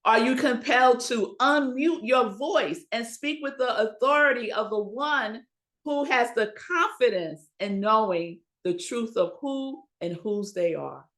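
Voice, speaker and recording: A woman minister delivers a Sunday sermon in a voice on the high side and a bit bright. She speaks slowly and emphatically, posing rhetorical questions to the congregation and pausing for effect.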